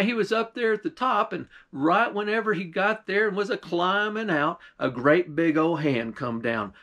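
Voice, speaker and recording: A man's voice: fairly high pitch, fairly bright tone. A man, a pastor telling a folk tale in a folksy drawl. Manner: folksy drawl, often starting lines with "why".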